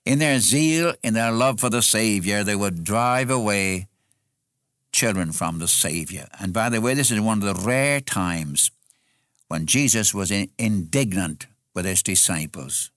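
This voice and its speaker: A man's voice: lowish voice, animated, measured pace, a bit bright, no echo, clean studio sound. A man preaching an expository sermon in an earnest way, repeating phrases for emphasis.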